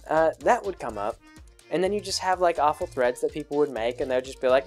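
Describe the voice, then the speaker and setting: A video creator answers patron questions in a casual, rambling monologue packed with fillers and restarts, speaking fast in a medium-pitched, slightly mellow voice. Quoted people get acted out in a raised voice, with soft music playing in the background.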